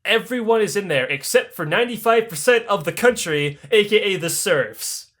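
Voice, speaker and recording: A man tells history as a comic story on a podcast, crude and irreverent. His voice sits fairly high and swings around a lot as he gets worked up. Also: moderate pace. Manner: crude, animated, swearing freely. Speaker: podcast host.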